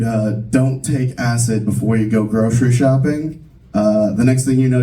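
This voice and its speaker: A young man works a comedy club crowd in a loose, self-mocking stand-up set, dropping fillers as he goes. His voice is mellow and sits at an ordinary pitch. The mic catches him from a distance across the room.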